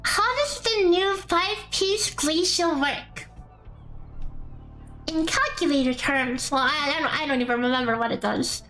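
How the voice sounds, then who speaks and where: A woman's voice: high-pitched, a little slow, pushed and bright, low-quality recording. A woman streamer in a casual live-stream, explaining a game damage calculator in a chatty, rambling way with playful asides. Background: faint background music.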